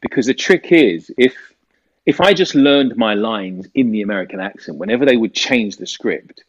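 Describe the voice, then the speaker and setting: A British actor from the United Kingdom, giving an interview and telling stories in a rambling way, with many fillers. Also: male voice, on the low side, moderate pace, muffled recording. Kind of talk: casual interview talk.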